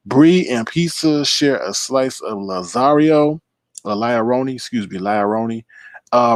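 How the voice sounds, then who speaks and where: A man with a mid-range, creaky voice hosts a late-night livestream, chatting casually, greeting viewers by name and wandering off into asides. The recording is clean studio quality with no room sound.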